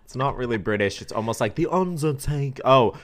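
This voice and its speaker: A man's voice: medium pitch, expressive, a little fast. A young man from Wales, chatting casually and jokily as a podcast co-host. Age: young adult. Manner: chatty, jokey, restarts often. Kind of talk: casual chat.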